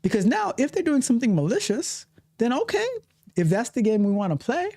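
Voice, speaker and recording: Lively, emphatic woman giving a pep talk. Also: a little high, fairly quick. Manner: emphatic, repetitive, acts out quoted reactions. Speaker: coach. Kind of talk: motivational talk.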